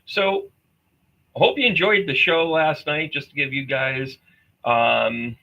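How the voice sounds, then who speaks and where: A man's voice: a little high, lively intonation, takes it slowly, muffled recording. A man hosting a psychic medium livestream, talking to viewers in a rambling, chatty way with jokey asides. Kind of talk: casual livestream chat.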